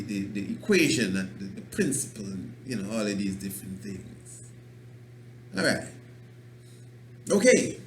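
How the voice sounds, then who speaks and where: Antiguan man preaching on talk radio. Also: medium pitch. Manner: emphatic and preachy, with frequent chuckles; loose, repeats and restarts words. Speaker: radio show host. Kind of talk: animated talk-radio monologue. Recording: roomy echo, faint background noise.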